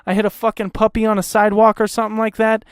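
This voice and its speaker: A young man rants on his podcast, swearing at every turn and piling on sarcastic complaints. His voice is smooth and resonant, recorded close and dry with no room sound. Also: high-pitched, little pitch movement, very fast, no room sound. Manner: angry, swears constantly, sarcastic, rambling. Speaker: podcast host. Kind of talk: profane ranting monologue.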